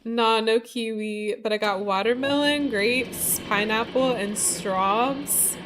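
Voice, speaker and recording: A woman's voice: a little high, fairly even intonation, takes it slowly, noisy background. A woman streaming a game live, chatting casually with lots of "like" and "you know", her speech a little slurred from a bitten tongue. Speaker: livestream gamer. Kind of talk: casual live-stream chat while playing.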